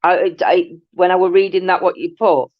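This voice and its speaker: Speaking at normal speed in a lowish voice, this woman hosts a laid-back live-stream chat, chatting and rambling with lots of laughter. There's no echo, and the sound is dull, dry and lo-fi.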